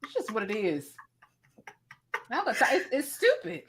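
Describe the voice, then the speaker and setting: A woman's voice: a little high, huge pitch swings, measured pace, noisy background. A woman hosting a livestream, talking bluntly and feistily with plenty of cursing. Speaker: host. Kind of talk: casual livestream commentary.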